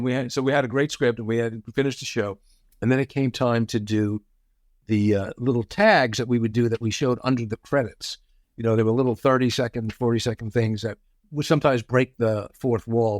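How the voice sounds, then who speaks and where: A man in his sixties telling show-business anecdotes as a guest, animated and often acting out quotes. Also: medium pitch, brisk, no room sound, studio quality. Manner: lively storyteller, acts out quotes.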